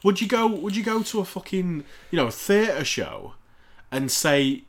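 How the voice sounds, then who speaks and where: A man's voice: sits high, very animated, a little slow. A man, co-hosting a podcast, rants in a casual, sarcastic and heavily profane way. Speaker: podcast co-host.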